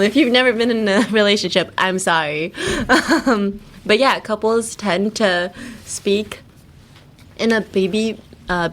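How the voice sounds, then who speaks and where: This young American podcast host and English teacher speaks at a medium pitch with a fairly bright tone. Running a casual bilingual lesson, she stays playful and giggly, drilling the same words repeatedly.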